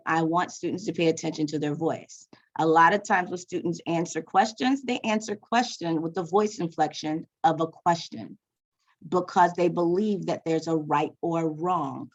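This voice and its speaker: Low-voiced woman teacher, lo-fi. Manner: conversational, restarts and corrects herself. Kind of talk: professional development talk to teachers. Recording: dull lo-fi sound.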